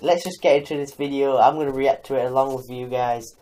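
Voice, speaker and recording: A man's voice: mid-range voice, fairly even intonation, brisk, dark tone, poor audio. A young man, doing casual reaction commentary on a video, mock-indignant and swearing in jest.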